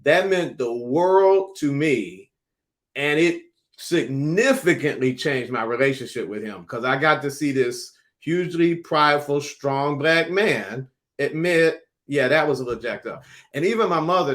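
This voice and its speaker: A man's voice: fairly high pitch, normal speed. A middle-aged man moderating a panel discussion, telling a personal story and acting out the voices of the people in it. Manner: warm storyteller, acts out quoted voices.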